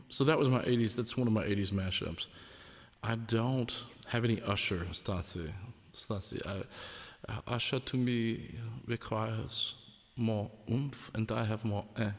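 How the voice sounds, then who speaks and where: A man's voice: on the low side, gravelly. A man hosting a live stream, chatting casually and jokily between songs, rambling and laughing often. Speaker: live-stream host and singer. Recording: long reverb, faint guitar behind.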